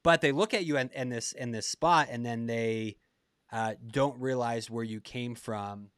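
A man's voice: mid-range voice, unhurried, a bit bright, smooth, dry recording, clean studio sound. A man from Boston, a podcast host, reflecting casually on the guest's story and rambling a little, with self-deprecating dad jokes.

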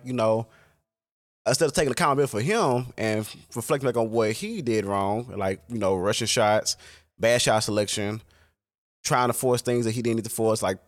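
A man's voice: mid-range voice, fairly quick. A man talking casually in a reflective monologue, rambling and swearing freely.

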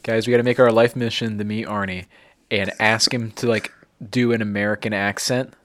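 A man's voice: fairly low pitch, fairly even intonation, a little fast, fairly bright tone. A man co-hosting a podcast in casual movie chat, joking and laughing often. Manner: jokey, laughs a lot. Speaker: podcast co-host.

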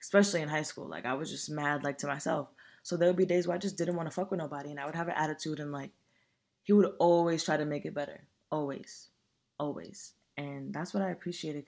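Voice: medium pitch, vocal fry. A young adult podcast host in their twenties, telling a personal story in a casual, earnest way, full of slang and profanity.

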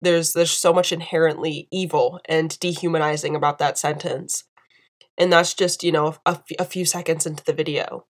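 A woman's voice: low-pitched, steady tone, moderate pace. A young woman from the United States giving impassioned video commentary, emphatic and indignant, repeating phrases for force.

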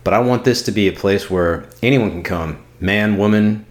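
A man co-hosting a podcast with a lowish voice, chatting casually and swearing freely. He breaks into animated bursts as he makes his points. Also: normal speed. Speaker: podcast co-host. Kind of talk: casual chat.

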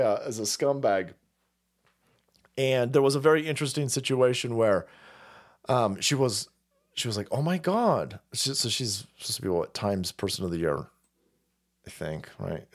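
A man hosting a livestream, ranting in a profane, rambling, sarcastic way and laughing often. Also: medium pitch. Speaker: stream host. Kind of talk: ranting commentary.

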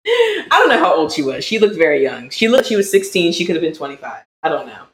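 A podcast co-host telling a story in a casual live-stream chat, animated and laughing often. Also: mid-range voice, fast talker. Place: indoor room, streaming live. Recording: roomy echo, faint background hum.

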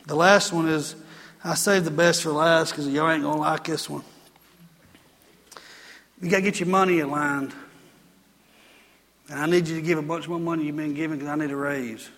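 Male pastor, emphatic repetitive sermon delivery, high voice, echoing sanctuary. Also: fairly even intonation, normal speed, long pauses, a bit bright. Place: church sanctuary.

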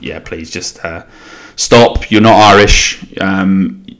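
A young man from England talks through his solo podcast in a loose, rambling way. His voice sits a little low. He swears casually and keeps restarting his sentences as he chats. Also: takes it slowly, a bit bright. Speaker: podcast host.

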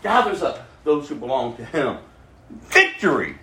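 A male pastor preaching a sermon in an animated way, laughing and acting out quotes in shifting voices. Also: medium pitch, measured pace, roomy sound, noisy background.

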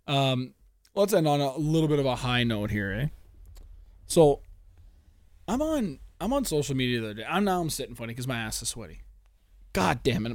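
A young man hosts a solo podcast, venting loudly with constant profanity and stammering restarts. His voice sits in an ordinary middle range. The recording is close and completely dry, with no room sound. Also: medium pitch, no echo. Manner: profane, animated ranting with frequent stammered restarts. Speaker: podcast host.

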